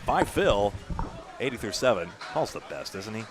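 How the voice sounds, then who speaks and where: A man calling bowling play-by-play, animated on each shot with chatty asides. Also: lowish voice, fairly quick, music in the background. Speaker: play-by-play commentator. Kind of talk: live sports commentary. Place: bowling alley. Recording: noisy bowling alley broadcast.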